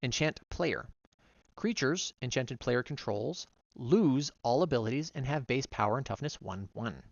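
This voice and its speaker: A man streaming as a vtuber, casually reading game card text aloud one card after another, quick and run-on. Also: medium pitch, expressive, gravelly, no echo, dull audio.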